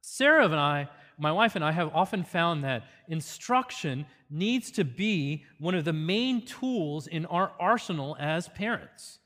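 A man's voice: on the high side, expressive, unhurried, few pauses, sharp tone, in a large hall. A man giving an earnest, teacherly parenting seminar with a faith focus.

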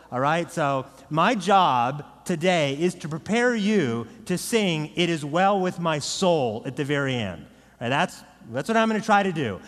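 A male pastor delivers a sermon in an animated, conversational way and keeps checking in with the congregation through "right?" asides. His voice sits a little high for a man and swings widely in pitch. The sound carries the long reverb of a large church hall.

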